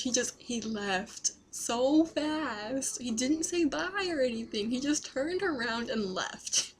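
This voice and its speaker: A woman's voice: sits high, expressive, measured pace, few pauses, slight background noise, low-quality recording. A young woman vlogging, telling a story casually and laughing often as she talks.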